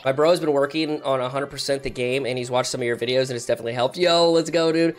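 An excitable young man talks through a multiplayer game, casual and chatty. His voice swings widely, jumping up into yelps and laughs whenever things go wrong. Faint game music plays beneath him. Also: racing, hardly any pauses. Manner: excitable, yelps high when frustrated, laughs often. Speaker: gaming YouTuber. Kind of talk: casual multiplayer gameplay commentary.

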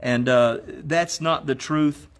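A man preaching a sermon, quoting scripture in slow, emphatic phrases and leading listeners in spoken declarations. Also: fairly high pitch. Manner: exhorting, leads the congregation in spoken declarations.

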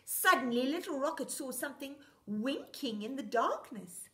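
A woman reading a picture book aloud to young children on a children's show, expressive and sing-song. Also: sits high, moderate pace.

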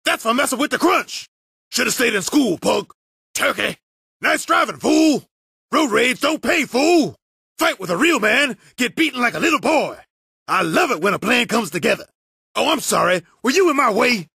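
Gravelly brawler, high lively voice, shouting taunts, raspy and bright. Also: male voice, moderate pace, no echo, studio quality, exaggerated voice. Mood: taunting. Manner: shouty, taunting, street slang. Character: brawling tough-guy man who talks of himself in third person.

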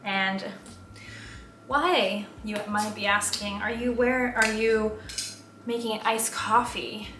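In a roomy room of her Texas home, a chatty young woman from the US vlogs at a slow pace in a steady, medium-pitched voice, with some background noise. Her casual talk, captured by a camera on a tripod, wanders and includes self-deprecating comments.

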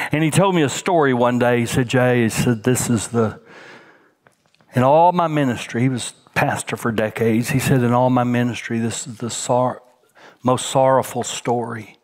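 A man preaches a sermon at a medium pitch. He sinks to a hushed near-whisper on tender points and lifts his voice as he tells a story. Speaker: senior pastor.

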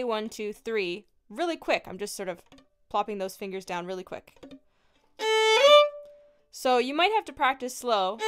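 A woman with a Newfoundland accent teaching a fiddle tune step by step, patient and encouraging, with loud fiddle playing in between. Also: on the high side. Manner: encouraging, patient, explains slowly. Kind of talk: friendly step-by-step music tutorial.

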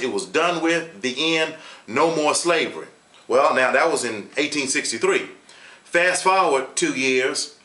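A man's voice: mid-range voice, pushed and bright, roomy sound. A man hosting his own online channel, telling a history story in a casual, emphatic way and repeating points for effect. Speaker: YouTube host.

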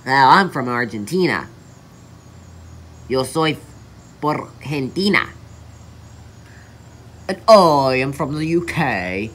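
A woman performing a homemade plush toy adventure, voicing every character herself and jumping between high and low character voices. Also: lively intonation, takes it slowly, pauses often, fairly bright tone. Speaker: plush toy video maker.

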